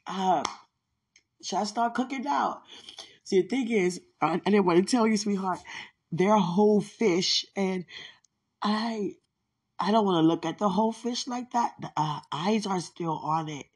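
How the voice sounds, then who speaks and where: A woman's voice: medium pitch, measured pace, darkish tone, slightly rough. A woman rambling to herself in an emotional monologue, sighing and praying aloud as she talks. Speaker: mother talking to herself.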